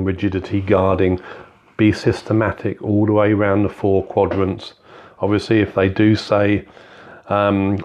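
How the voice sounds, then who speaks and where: A man calmly explaining a physical examination step by step, in a methodical teaching manner. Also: fairly low pitch, highs cut off. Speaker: clinical skills teacher. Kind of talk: instructional walkthrough.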